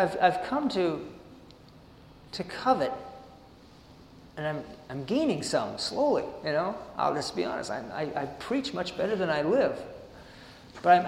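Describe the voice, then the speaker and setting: A man's voice: sits high, darkish tone, slight background noise. A man preaching a sermon, reading passages aloud and breaking into casual, chuckling asides. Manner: reads passages then riffs casually with laughs and asides. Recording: roomy hall with long reverb.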